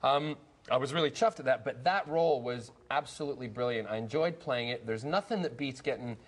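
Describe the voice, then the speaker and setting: A man in his forties, born in Scotland but speaking with an American accent. He chats eagerly and laughs easily in a TV studio, his voice pitched mid-range. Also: a little fast. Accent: American, Scottish-born. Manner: chatty, enthusiastic, laughs easily. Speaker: celebrity guest. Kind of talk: casual shopping-channel chat.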